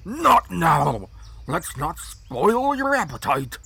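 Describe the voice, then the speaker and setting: A man voicing an old chinless male cafe proprietor who is bossy and brusque, with loud scolding lines. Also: fairly high pitch, big pitch swings, takes it slowly, gravelly, husky, pitched above the performer's own voice, full character voice.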